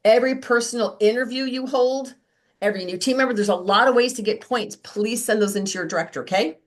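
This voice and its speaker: A middle-aged woman leading a motivational team call for sales consultants, chatty and animated, acting out quoted voices. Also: fairly high pitch, fast talker.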